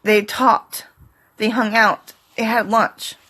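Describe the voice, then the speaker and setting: A middle-aged woman speaks slowly in halting fragments, her voice bright and a touch high. She sounds tearful yet defiant as she pleads with her audience in a direct-to-camera vlog. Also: flat delivery. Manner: slow, halting delivery with short fragments. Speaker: vlogger. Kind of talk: emotional direct-to-camera monologue.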